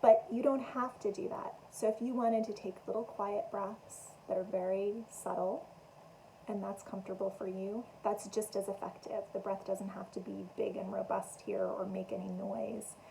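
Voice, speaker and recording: Guiding a breathing exercise, a female meditation teacher speaks in a mid-range voice with calm, gentle, unhurried directions. The audio is poor and carries a little hiss or hum.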